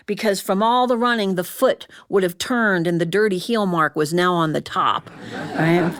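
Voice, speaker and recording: A woman storyteller speaking to a live audience in a humorous, chatty way, teasing her listeners. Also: lowish voice.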